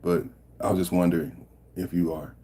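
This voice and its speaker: A man running a casual podcast livestream reads the chat aloud, rambling, joking and laughing a lot. His tone stays steady at a moderate pace, though he swings between low muttering and loud bursts.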